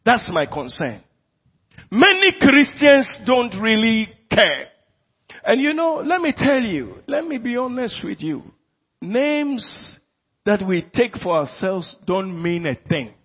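A Ghanaian man delivering a sermon in a high, sweeping voice with a husky edge. He preaches slowly and emphatically, firing questions at his congregation. The recording is dull and lo-fi, with long reverb from the church hall. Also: sing-song. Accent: Ghanaian English. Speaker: pastor.

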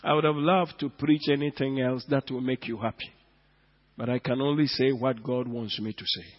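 A man preaching a sermon in a church, swinging from hushed lines to loud ones and drawing out words for emphasis. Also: mid-range voice, steady tone, normal speed. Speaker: pastor. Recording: dull lo-fi sound with long hall reverb.

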